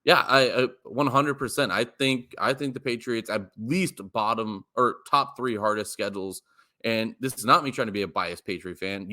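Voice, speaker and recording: A man's voice: medium pitch, bright, forceful tone. A young man co-hosting a podcast, ranting in casual chat, swearing and stumbling over his words when heated. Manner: heated, profane, stammering restarts. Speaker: podcast co-host. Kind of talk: casual sports rant.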